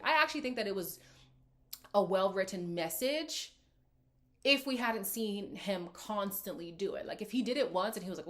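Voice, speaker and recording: A woman hosting a casual reality TV reaction video, talking in an animated, sarcastic, exasperated way on a close mic. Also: medium pitch, normal speed.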